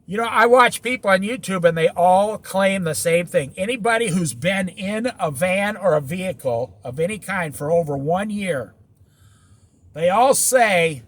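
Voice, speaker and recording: Male vlogger, high bright voice, swooping emphatic delivery, lecturing monologue, dry close sound. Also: animated, unhurried, no echo. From United States. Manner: preachy, repetitive, emphatic rhetorical questions. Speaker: van-life vlogger. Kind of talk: opinionated casual monologue.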